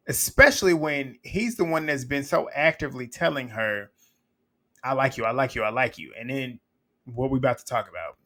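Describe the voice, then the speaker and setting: A man's voice: medium pitch, a bit bright. A man with a mid-range voice running through a reality show recap in a loose, conversational way. He is blunt and unfiltered, swears freely, and breaks into laughter as he acts out the quotes. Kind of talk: casual episode recap commentary.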